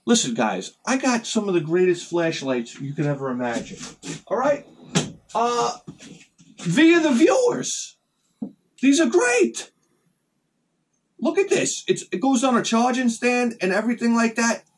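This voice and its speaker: A retro game channel host with a high voice speaks at normal speed over a little hiss or hum. In his casual vlog he rambles through a story, animatedly acting out both sides of conversations in sharp, sudden bursts.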